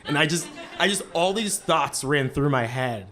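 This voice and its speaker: A man's voice: fairly high pitch, normal speed. Young man telling a live story. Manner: lively, heavy use of "like" fillers. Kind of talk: live first-person storytelling. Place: stage of a small live-event venue.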